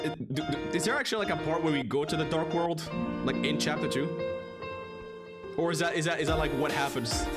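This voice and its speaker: Male streamer, casual let's-play banter, animated pitch, heavy game music underneath. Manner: jokey, reads game dialogue aloud in silly voices. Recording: loud game music behind voice.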